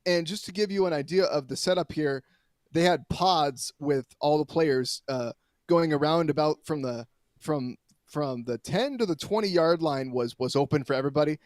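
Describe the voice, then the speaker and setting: Male sports reporter, fairly high voice, dry close sound; chatty and rambling, tells stories with lots of fillers. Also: moderate pace, no echo. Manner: rambling, animated storyteller with many fillers and restarts. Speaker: sports reporter calling in as a guest. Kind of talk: casual sports talk, storytelling.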